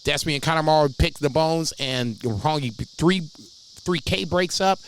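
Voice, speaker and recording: A man's voice: on the high side, moderate pace, a little hiss or hum, rough recording. A man co-hosting a wrestling podcast in casual chat, profane and laughing often. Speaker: podcast co-host.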